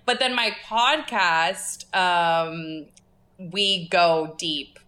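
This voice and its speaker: Bright animated woman telling a story. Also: on the low side, roomy sound. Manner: animated storyteller, quick and laughing. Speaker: podcast guest. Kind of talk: casual chat.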